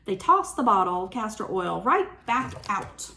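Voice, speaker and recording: Slow, expressive woman reading a storybook. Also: mid-range voice, a little hiss or hum. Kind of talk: reading a picture book aloud.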